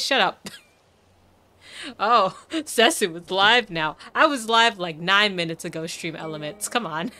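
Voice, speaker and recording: A woman's voice: on the low side, pushed and bright, clean tone. A young woman streamer chatting casually on a live game stream, rambling with lots of fillers and laughter.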